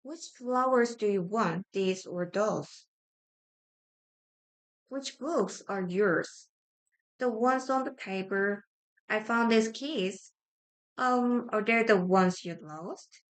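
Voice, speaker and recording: A woman whose first language is Korean, reading simple grammar practice sentences aloud, repeating each one with halting restarts. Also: medium pitch. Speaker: study-with-me streamer.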